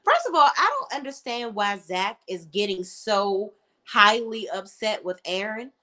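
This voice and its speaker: In a mid-range voice and at a slightly slow pace, a TV reviewer gives a casual rundown of a drama. She dramatizes the scenes and acts out the characters' dialogue with spirited quoted asides.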